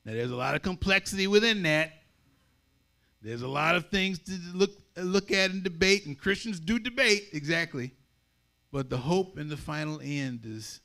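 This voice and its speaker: Bright-voiced conversational male preacher. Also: a little high, moderate pace, vocal fry. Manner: conversational, animated, acts out voices. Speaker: pastor. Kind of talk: sermon.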